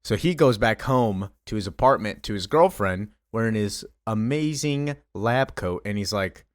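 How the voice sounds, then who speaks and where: Casual young male comics host, low voice, dry close sound, loose filler-heavy retelling. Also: animated, moderate pace, dry recording. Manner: rambling, filler-heavy retelling with offhand character impressions. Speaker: comic book recap host. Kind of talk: casual comic recap with quick character voices.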